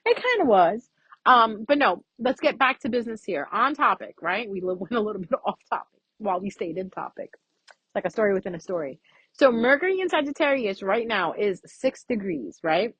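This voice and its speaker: A woman's voice: medium pitch, expressive, fairly quick, fairly bright tone, slightly rough, dry recording, low-quality recording. A woman giving a casual, frank astrology reading as a vlogger, chatty and freely swearing.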